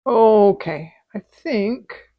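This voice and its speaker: A middle-aged woman hosting a relaxed embroidery tutorial from her craft desk at home, with soft, unhurried, chatty asides. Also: mid-range voice, dry recording, highs cut off. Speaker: embroidery video host. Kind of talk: relaxed stitching tutorial chat.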